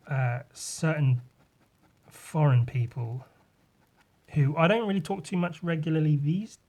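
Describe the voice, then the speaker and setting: A man's voice: fairly high pitch, darkish tone. A young English man hosting a solo podcast, ranting sarcastically with lots of swearing while he draws. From England. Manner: talks while drawing. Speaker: podcast host, artist.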